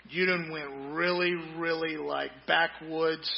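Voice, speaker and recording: A man's voice: a little high, steady tone, takes it slowly, gravelly, highs cut off. A man voicing a mocking male listener who scoffs in a folksy drawl. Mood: scoffing.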